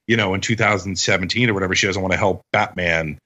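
A man's voice: low voice, quick pace, bright, forceful tone. Man, podcast co-host, casual movie chat, eager, slightly muffled audio.

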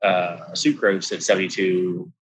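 A man's voice: low-pitched, little pitch movement, a little slow, husky, low-quality recording. A man co-hosting a casual podcast, asking and weighing questions thoughtfully. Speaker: podcast co-host.

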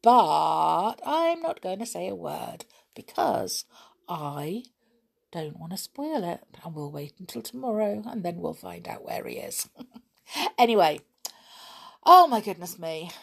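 A woman reading a children's book aloud, expressive and animated, with chatty asides. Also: on the low side, a little slow, gravelly. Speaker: storyteller.

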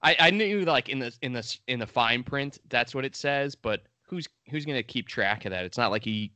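Long island guy, bright voice, dry close sound, keeps restarting sentences. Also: mid-range voice, animated, moderate pace, no room sound. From Long Island, New York. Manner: eager, rambling, many restarts. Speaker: podcast co-host. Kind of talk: casual podcast chat.

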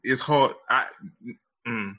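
Bright, husky man tossing in quips. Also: mid-range voice, lo-fi sound. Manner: quick reactive interjections, laughs often. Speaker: podcast co-host. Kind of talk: casual reality TV recap chat.

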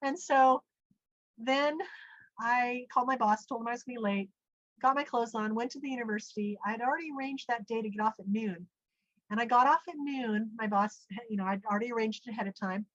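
A middle-aged woman telling a personal story in a lively way, acting out the voices she quotes. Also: a little high, fairly quick, no room sound. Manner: animated, acts out quoted speech. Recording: dull, dry lo-fi sound.

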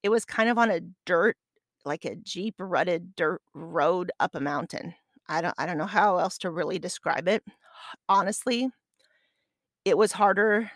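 A woman's voice: on the low side, unhurried, a bit bright, no room sound, clean studio sound. A middle-aged woman hosting a podcast, telling a personal story in a chatty, self-deprecating way and laughing as she goes. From Arizona. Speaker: podcast host. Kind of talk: casual storytelling monologue.

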